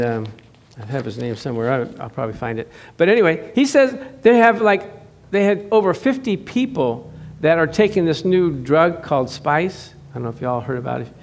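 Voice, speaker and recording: A middle-aged pastor with a high voice preaches a sermon, chatting and joking with his congregation before rising into emphatic declarations.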